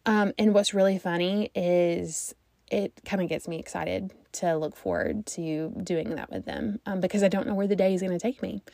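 A woman's voice: fairly low pitch, animated, moderate pace, creaky, dark tone, no echo. A woman in her thirties, a mom vlogger chatting casually to her viewers, rambling and thinking aloud.

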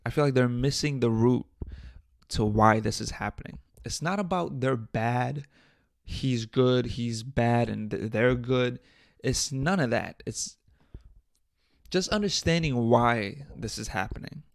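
A man's voice: medium pitch, measured pace, gravelly. A man hosting his own podcast, talking bluntly and profanely in a casual, exasperated rant. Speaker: podcast host.

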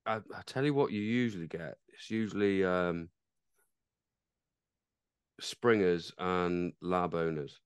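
A man with a low, smooth, resonant voice chats casually on a pub-style podcast. He swears freely and restarts his sentences as he goes. The sound is dry and close. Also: slow, long pauses, dry recording. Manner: chatty, swears, trails off and restarts. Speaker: podcast host.

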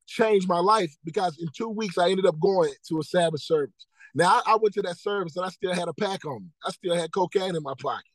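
High-voiced man telling his testimony. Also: fairly quick, no room sound, poor audio. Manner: earnest storytelling, repeats key phrases, acts out dialogue. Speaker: podcast guest, motivational speaker. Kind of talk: personal testimony in casual interview.

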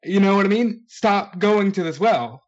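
A man's voice: high voice, lively intonation, moderate pace. A man talking casually as a podcast co-host, blunt and emphatic with an exasperated tone. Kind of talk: casual wrestling chat. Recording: dull lo-fi sound.

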